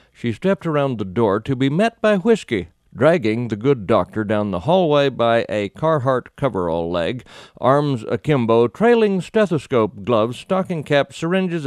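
A man spins a funny yarn in a wry, understated way, his pitch rising and falling with lively swings. The recording is close and dry, with no room sound. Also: dry recording. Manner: dry, wry delivery with comic exaggeration. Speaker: storyteller. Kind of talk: humorous storytelling.

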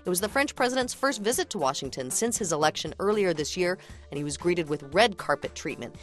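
Radio newsreader, woman, lowish register, steady formal delivery. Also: fast, faint music behind. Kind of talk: radio news reading.

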